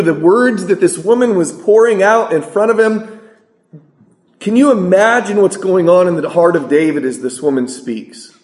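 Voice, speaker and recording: A man preaching a sermon, asking his congregation rhetorical questions and reading scripture aloud slowly. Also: high-pitched, darkish tone, roomy sound.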